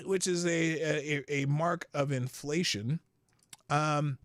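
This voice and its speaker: A man's voice: on the high side, steady tone, takes it slowly, fairly bright tone, no echo, clean studio sound. A man hosting a live morning news show, talking casually and rambling off the cuff, with the odd swear. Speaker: host.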